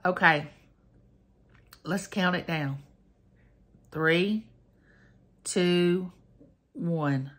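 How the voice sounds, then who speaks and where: A woman's voice: lowish voice, extremely slow, pauses often. A woman, chatting folksily to her viewers in a casual taste-test vlog. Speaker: vlogger.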